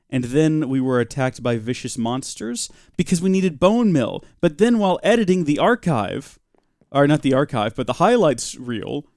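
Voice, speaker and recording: A man's voice: on the high side, a little mellow, no echo. Young male game streamer, dry close mic, chatty and self-mocking. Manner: chatty, self-mocking, answers chat as he plays. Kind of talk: casual live-stream commentary while playing.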